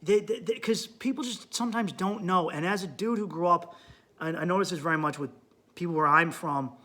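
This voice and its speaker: A man's voice: high voice, a little fast. Blunt, swearing male podcast host. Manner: blunt, emphatic, swears a lot, swings up loud when worked up. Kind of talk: profane advice monologue.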